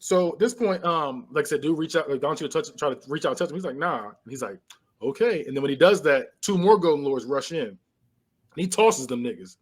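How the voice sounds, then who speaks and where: A man co-hosting a podcast, casually retelling a movie scene by scene and acting out the characters' lines with lively voice changes. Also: a little high, fast. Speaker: podcast co-host. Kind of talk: casual movie recap chat.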